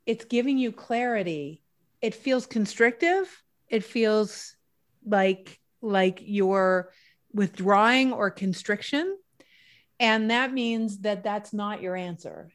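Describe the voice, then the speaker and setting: A woman guest in a casual interview, talking in an animated, chatty way with playful analogies. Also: medium pitch.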